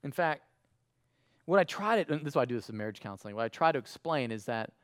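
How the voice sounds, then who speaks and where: A man in his thirties preaching a live sermon in a casual, animated way, moving between quiet asides and loud bursts. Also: mid-range voice, very fast, no room sound, studio quality. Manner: casual, uses fillers. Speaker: pastor.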